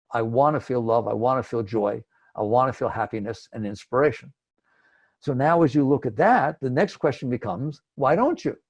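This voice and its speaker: A man's voice: medium pitch, vocal fry, warm tone, slightly rough. An older man giving a conversational spiritual talk, acting out inner voices as he speaks. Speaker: spiritual teacher.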